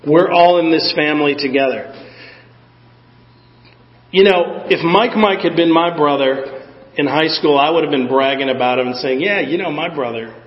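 A man's voice: a little high, in a large hall, dull audio. A man preaching a sermon in a conversational way, often asking the congregation "Amen?". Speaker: pastor.

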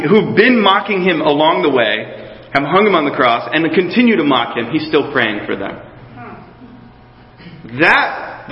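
Man preaching in an echoing hall. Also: a little high. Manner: conversational preaching with many restarts and asides to the congregation. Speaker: pastor. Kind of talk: sermon. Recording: roomy hall sound, slightly dull.

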